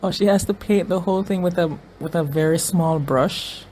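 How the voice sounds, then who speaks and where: An excitable host of a TV reaction video, talking casually through each scene and echoing the same words again and again while reacting. The voice sits at a middling pitch. A faint background hum lies under the talk. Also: moderate pace.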